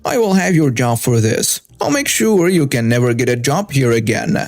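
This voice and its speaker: A man's voice: medium pitch, big pitch swings, normal speed, no room sound, soft background music. A man voicing an entitled, demanding middle-aged woman shopper in a narrated story. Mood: threatening. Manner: indignant, demanding.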